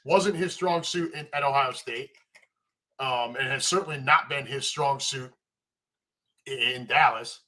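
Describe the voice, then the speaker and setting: A man hosting a live sports chat stream, ranting with animated energy and reading viewer comments. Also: mid-range voice, unhurried, pauses often.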